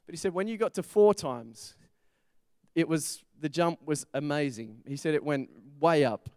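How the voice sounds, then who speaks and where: Man preaching, smooth and dry. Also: fairly high pitch, normal speed, a little mellow, dry recording. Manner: conversational preaching with personal stories. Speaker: pastor. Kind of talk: sermon. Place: church.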